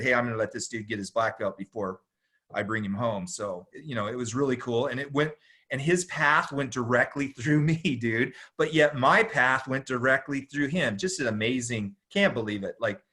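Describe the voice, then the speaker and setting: A middle-aged man, a podcast guest, telling a long story in a casual, animated way, full of slang and "dude". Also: medium pitch, moderate pace. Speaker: podcast guest, jiu-jitsu instructor.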